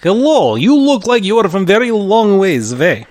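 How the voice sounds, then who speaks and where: A man's voice: high-pitched, sing-song, normal speed, voice pushed up. A man voicing an older male Russian inventor in a tabletop game, with a put-on Russian accent and broken English. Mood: boastful. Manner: loud and emphatic, broken English.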